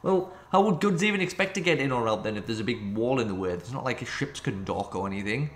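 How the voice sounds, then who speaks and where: A man's voice: medium pitch, animated, fast. A man hosting a let's-play of a visual novel, cracking rambling jokey asides as he reads along. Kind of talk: reading and reacting to a visual novel. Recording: echoey room with game music.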